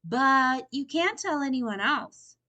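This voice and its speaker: A woman voicing a young boy turtle in a children's storybook reading, talking high and excited, then pleading. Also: moderate pace. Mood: eager.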